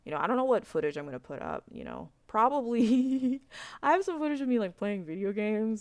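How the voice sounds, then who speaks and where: A woman's voice: medium pitch, very animated, moderate pace, darkish tone, clear, resonant tone, dry recording. A young woman telling a story to camera in a frank, rambling rant, with lots of fillers and swearing. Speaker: vlogger.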